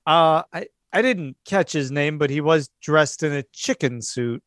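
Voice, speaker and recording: A man voicing a curt, cool woman doctor in a tabletop game, speaking with measured, slightly awkward politeness. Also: fairly high pitch, fairly bright tone, no room sound, clean studio sound. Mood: polite. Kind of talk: tabletop role-play.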